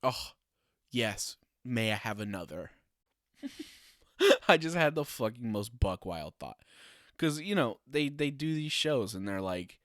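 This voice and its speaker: A man's voice: mid-range voice, animated, measured pace, long pauses, dry recording, clean studio sound. A young man hosting a casual solo podcast, ranting with sarcasm and swearing and laughing often. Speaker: podcast host.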